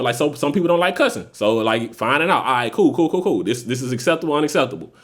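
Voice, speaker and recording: A man's voice: mid-range voice, animated, quick pace, few pauses, fairly bright tone. A young man co-hosting a podcast, talking loosely in profane slang and acting out quoted voices. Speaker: podcast co-host. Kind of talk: casual podcast chat.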